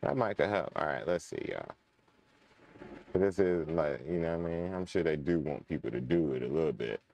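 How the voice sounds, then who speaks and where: Very deep gravelly-voiced man gaming. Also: animated, a little fast, highs cut off. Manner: chatty, talks to viewers, frustrated muttering. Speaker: gaming channel host. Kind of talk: casual let's-play commentary.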